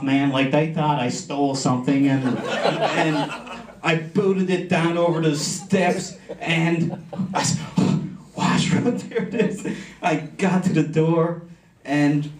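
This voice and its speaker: A man giving a humorous contest speech, telling an animated story to an audience that laughs along. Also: on the high side, slow, slight background noise. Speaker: contest speaker. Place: convention hall. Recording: echoey hall, mic from far off.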